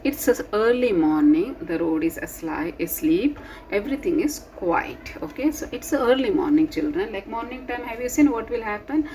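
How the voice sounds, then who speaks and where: A woman's voice: medium pitch, expressive, moderate pace, dark tone, low-quality recording. Woman teacher, classroom lesson, reads text aloud and explains, faint background noise.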